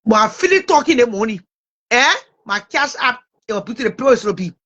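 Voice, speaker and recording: A woman hosting a casual livestream, talking straight to her audience in an animated way and tripping over names. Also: fairly high pitch, a little fast. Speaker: livestream host.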